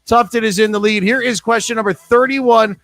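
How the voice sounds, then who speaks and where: High-voiced joking trivia host. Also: male voice, steady tone, fairly quick, fairly bright tone, no echo. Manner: joking, chatty, reads questions aloud. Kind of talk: live trivia podcast banter.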